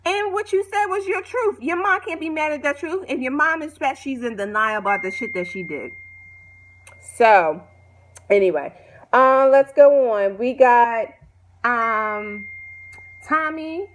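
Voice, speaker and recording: A woman vlogger casually recapping a reality show, animated, opinionated and full of slang. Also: high voice, measured pace.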